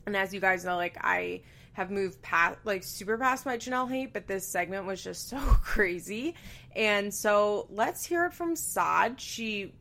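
This podcast host speaks in an unhurried, creaky, slightly bright mid-range voice. She chats candidly from her bedroom at home, with frequent asides and swearing, and a fan running nearby.

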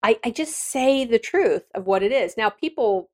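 A woman's voice: a little high, animated, moderate pace, a little mellow. A woman hosting an advice podcast, talking frankly and directly in a casual monologue with frequent restarts. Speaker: podcast host.

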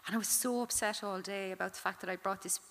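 A woman's voice: medium pitch, steady tone, fast, gravelly, fairly bright tone. A woman, a forensic psychologist, telling a story in earnest as a guest on a live podcast stage. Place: theatre stage before a live audience. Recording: long hall reverb.

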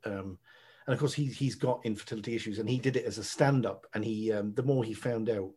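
A man's voice: fairly low pitch, brisk, mellow, breathy edge. An Irish man chatting casually as a podcast guest, telling rambling, playful stories and swearing freely. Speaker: podcast guest, friend of host. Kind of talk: casual chat.

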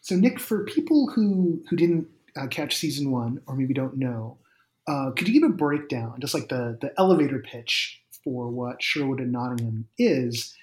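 A man hosting a podcast, talking casually and plugging his show in quick, energetic bursts. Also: medium pitch, slightly rough. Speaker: podcast host. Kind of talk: casual podcast talk and sponsor plugs.

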